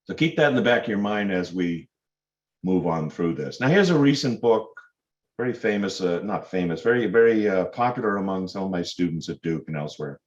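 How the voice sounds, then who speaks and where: Low-voiced man lecturing with sarcastic questions. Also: animated, a little fast, a little mellow. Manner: emphatic, sarcastic rhetorical questions. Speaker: guest lecturer. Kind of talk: public lecture to students. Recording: dull lo-fi lecture recording.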